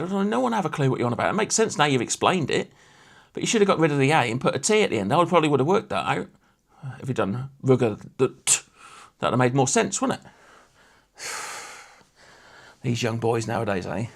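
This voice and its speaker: A man's voice: mid-range voice, big pitch swings, fairly quick, creaky. A man hosting a casual livestream, chatting and teasing viewers while he works on a guitar. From Lincolnshire, England. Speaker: livestream host.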